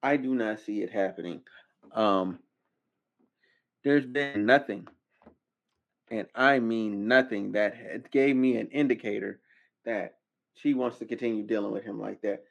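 A man hosting a casual commentary podcast, talking in a slangy way with incredulous, animated outbursts. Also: on the low side, measured pace, creaky, pauses often, highs cut off. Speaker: podcast host.

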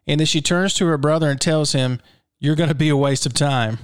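A man's voice: on the high side, steady tone, fairly quick, clean tone, no room sound, studio quality. Chuckling jokey male podcast host. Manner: chuckling, jokey, rhetorical asides. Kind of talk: casual comic podcast chat, reading odd news.

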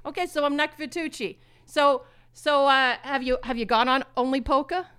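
A woman's voice: high-pitched, steady tone, normal speed, pushed and bright. A woman doing a comic impression of a brash male poker-show host who rambles in circles, curses, coughs and plugs himself. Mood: rambling. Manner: repetitive, circling, never getting to the point; crude, self-promoting, coughing and clearing throat.

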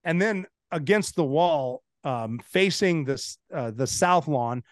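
A man in his forties from the United States, chatting as a podcast guest. He tells stories with energy, restarts his sentences often, and speaks a little higher than most men. The sound is close and dry, with no room echo. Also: slow. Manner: animated anecdotes with frequent restarts and laughs. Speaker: podcast guest, former Navy SEAL. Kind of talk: casual storytelling chat.

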